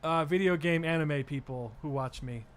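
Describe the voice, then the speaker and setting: A man's voice: fairly high pitch, moderate pace, fairly bright tone. Joking young man streaming a game. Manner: crude, joking, reading chat aloud. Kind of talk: casual gameplay streaming chat.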